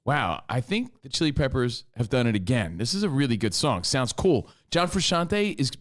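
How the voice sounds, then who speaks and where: A man co-hosting a radio show, telling stories in casual, excitable banter. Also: mid-range voice, moderate pace. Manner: animated, excitable storytelling.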